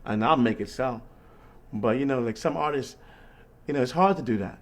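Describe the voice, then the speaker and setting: Hosting an easygoing call, this man tells a meandering, lively tale about busking on the streets. His voice is mid-range, his pace moderate, and "you know what I mean" keeps popping up.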